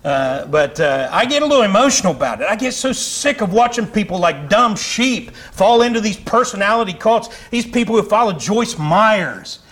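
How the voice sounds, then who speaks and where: A man's voice: high-pitched, lively intonation, moderate pace, hardly any pauses, fairly bright tone. A male pastor preaching a sermon to his congregation in a fiery, conversational way with chatty asides. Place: church sanctuary.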